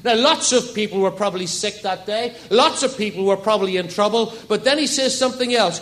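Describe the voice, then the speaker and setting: A man's voice: very high voice, brisk, hardly any pauses, a bit bright. A man preaching a sermon in a church service, telling stories and asking the congregation rhetorical questions. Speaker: pastor.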